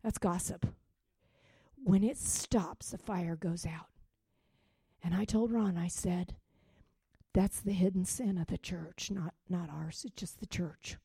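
A woman's voice: on the low side, steady tone, measured pace, vocal fry, slightly rough, no echo. Impassioned woman preaching. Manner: impassioned, with sudden loud rises and hushed drops. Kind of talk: sermon.

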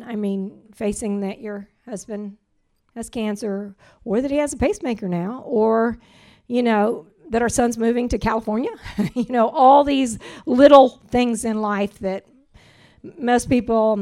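A middle-aged woman giving a heartfelt church testimony and spoken prayer, earnest and rambling, growing animated as she gives thanks. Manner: earnest, rambling, grows animated and rises in pitch when praising.

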